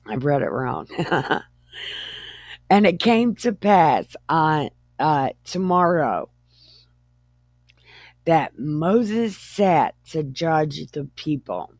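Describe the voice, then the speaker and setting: Woman reading scripture very slowly, giggly and irreverent, dry close sound. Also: low-pitched, darkish tone, no echo. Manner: giggly, stumbles over words and jokes as she reads. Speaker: Bible reader. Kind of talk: irreverent comedic Bible reading.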